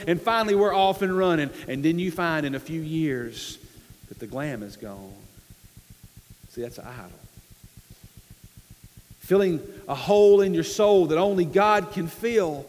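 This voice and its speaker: Guy pastor preaching earnest and repetitive, high voice, long reverb like a big church. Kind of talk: sermon.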